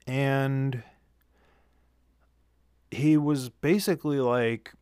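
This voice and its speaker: A man's voice: mid-range voice, slow pace, pauses often, darkish tone, clean tone, no room sound. A tired man after work, telling a rambling, profane story into a handheld mic with a pop filter, often correcting himself. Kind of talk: casual storytelling monologue. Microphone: handheld studio mic with pop filter.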